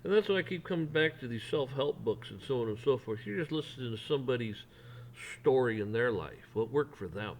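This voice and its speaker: A man's voice: mid-range voice, lively intonation, a little fast, a little hiss or hum, poor audio. A man ranting on a vlog in a folksy, rambling, blunt way. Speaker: vlogger. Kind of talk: opinion rant.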